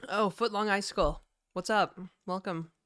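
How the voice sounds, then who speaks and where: A woman's voice: medium pitch, steady tone, normal speed, a bit bright, smooth, dry recording, studio quality. A woman streamer chatting casually to her viewers live, venting and swearing a lot.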